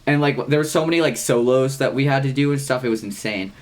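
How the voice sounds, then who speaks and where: Young man rambling through a story. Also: fast. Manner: rambling, heavy use of "like", frequent swearing; animated, with jumps in pitch when excited. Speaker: podcast co-host. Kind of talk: casual storytelling chat.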